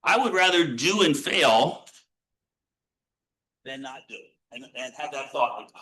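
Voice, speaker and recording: Earnest American man lecturing, bright voice. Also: on the high side, expressive, unhurried, pauses often, poor audio. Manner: blunt, earnest, swears casually, swings from loud to hushed. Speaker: positive psychology professor. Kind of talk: motivational lecture to students.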